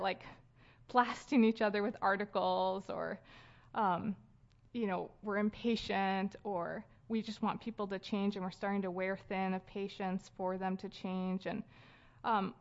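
A woman in her thirties giving a casual sermon at a church gathering, talking conversationally with fillers and light laughs. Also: medium pitch. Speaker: speaker leading a church gathering. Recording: dull lo-fi sound.

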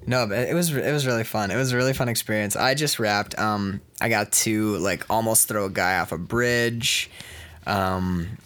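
A man's voice: fairly low pitch, normal speed, fairly bright tone. A man in casual chat, telling rambling, profane stories about acting in a film and laughing often. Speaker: actor.

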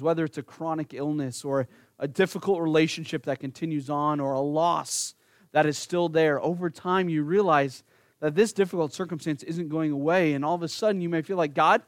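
A man's voice: on the high side, steady tone, brisk, no room sound, studio quality. A man preaching an earnest sermon, speaking directly to his congregation and rising into pleading emphasis. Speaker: pastor.

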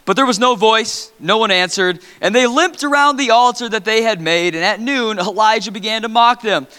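A man's voice: high voice, moderate pace, pushed and bright, clean tone. A man preaching in a large church hall, reading scripture dramatically with playful asides. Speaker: pastor.

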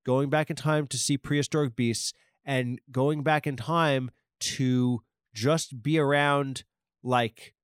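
Male podcast host, rambling comic monologue, swears freely, excitable, average pitch, dry close sound. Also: clear, resonant tone, dry recording.

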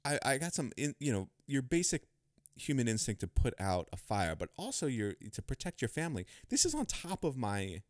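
A man hosting a podcast, telling a long story in a rambling, animated way with many restarts. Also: mid-range voice, brisk, no echo, studio quality. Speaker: podcast host. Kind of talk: casual storytelling chat.

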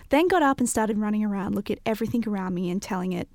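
A woman narrating a childhood memory with vivid, animated storytelling. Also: medium pitch, fast, hardly any pauses, no room sound, clean studio sound. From Australia.

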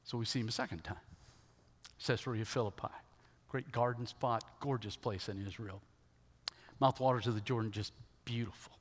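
A male pastor preaching a sermon, retelling a story emphatically and checking in with the congregation with quick rhetorical questions, in a large hall. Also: mid-range voice, fairly even intonation. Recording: long hall reverb.

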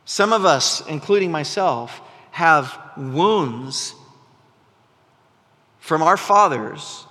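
A male pastor delivers a sermon in a high voice. His tone is bright and forceful, and he talks in a chatty, storytelling way that keeps doubling back mid-sentence. A long reverb from the church hall trails after his words. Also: animated, drawn-out words. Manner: conversational, storytelling preacher with frequent restarts. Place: church sanctuary.

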